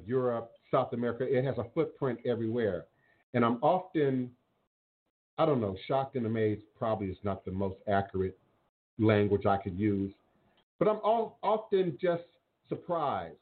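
A man hosting a call-in radio show, talking earnestly in a repetitive, preacherly cadence. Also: mid-range voice. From New Orleans, Louisiana. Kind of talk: call-in talk radio monologue. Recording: tinny phone-like line.

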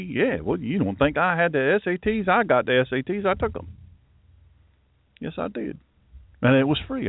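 A man, a pastor, giving a mocking, animated commentary monologue and talking to an imagined audience. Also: on the high side, moderate pace, creaky, pauses often, no echo. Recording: tinny phone-like dry sound.

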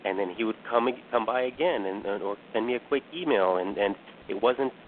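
Guest, man, mid pitch, halting with restarts, tinny phone line, faint hiss. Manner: hesitant, many restarts. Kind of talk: casual call-in chat.

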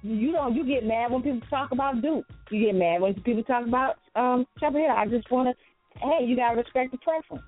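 A woman's voice: fairly high pitch, fairly quick, breathy edge, faint music behind. A woman from Jamaica, co-hosting a talk show and defending her point with insistence. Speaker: co-host. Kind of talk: casual joking banter. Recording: tinny phone-quality line.

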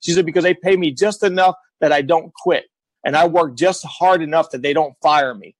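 A middle-aged man appears as a guest on a talk show, telling stories casually in a blunt, emphatic manner and repeating points for effect. His voice is a bit high for a man, at normal speed, and the sound is dry and close with no echo.

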